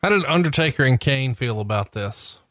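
A man's voice: mid-range voice, lively intonation, normal speed, a bit bright, dry recording, studio quality. A man interviewing a guest, asking brief, direct questions.

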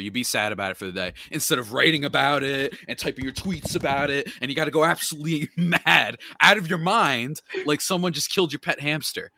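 A man's voice: fairly high pitch, brisk, gravelly, hardly any pauses, no echo. A young man ranting animatedly in a casual sports chat as a podcast guest. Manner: animated ranting, mock voices.

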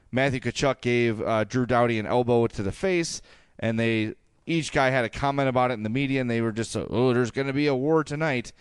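A man co-hosting a sports podcast, chatting casually and ranting with animated jokey asides. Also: medium pitch, clear, resonant tone, dry recording. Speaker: podcast co-host.

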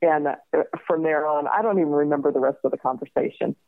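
A woman's voice: low voice, fast talker. Laughing woman telling a story over the phone. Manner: lively, laughs often, acts out voices in her story. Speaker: guest, crime survivor. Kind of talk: personal storytelling in an interview. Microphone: phone call. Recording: tinny phone line.

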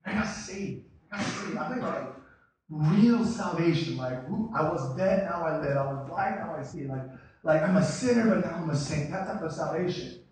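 A young man from Korea preaching a passionate sermon as a youth pastor, moving between quiet confession and shouted exhortation. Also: a little high, lively intonation, normal speed, a little hiss or hum. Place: church sanctuary. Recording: very echoey hall with loud music behind.

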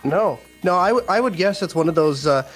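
Husky male podcast co-host. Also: high voice, animated, fairly quick, soft background music. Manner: brief, agreeable, practical. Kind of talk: casual tech show chat.

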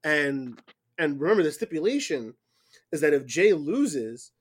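Fairly high-voiced man retelling a match. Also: measured pace. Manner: animated blow-by-blow storytelling. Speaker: wrestling podcast co-host. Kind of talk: casual chat recapping a wrestling match.

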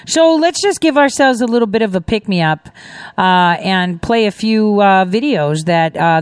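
A woman's voice: lowish voice, no echo, clean studio sound. A middle-aged woman hosting casual commentary, telling chatty stories with laughing asides. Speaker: host.

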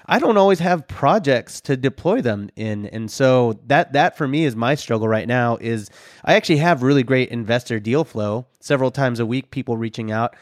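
A man's voice: medium pitch, animated, moderate pace, no room sound. Man with a dry, close voice. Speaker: host. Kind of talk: casual interview chat.

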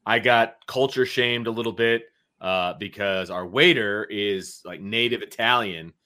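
A man hosting a casual sports talk podcast, energetic and chatty, telling stories with animation. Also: fairly low pitch, measured pace. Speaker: podcast host.

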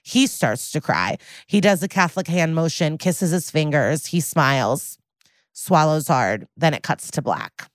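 A woman co-hosting a podcast, retelling TV scenes in casual chat, blunt and quick to swear. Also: low-pitched, expressive, no room sound, clean studio sound. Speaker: podcast co-host recapping episodes.

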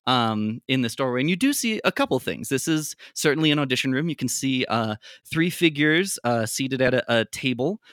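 A game master narrating a tabletop scene with a bright, animated voice, stopping often with ums. The sound is dry and close to the mic. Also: mid-range voice, no room sound. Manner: halting, full of ums and laughs.

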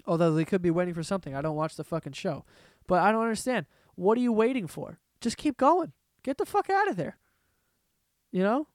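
A man's voice: sits high, dry recording. A man hosting a casual solo podcast, ranting in a profane, rambling way from a room at home. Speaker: podcast host.

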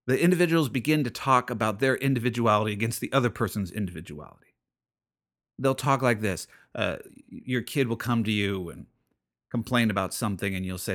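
A man's voice: on the low side, animated, normal speed, fairly bright tone. A man hosting a radio show, preaching in an earnest, conversational way and often repeating his phrases. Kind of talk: radio sermon.

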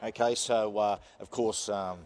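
A man's voice: on the low side, fairly even intonation, a little slow, darkish tone. An Australian man co-hosting a radio show, rambling through jokey stories and laughing at his own tales. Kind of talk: casual banter.

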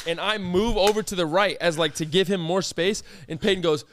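Excitable young man, high voice. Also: fairly quick. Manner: animated, swears often, breaks into laughter. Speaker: podcast co-host. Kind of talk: casual storytelling chat.

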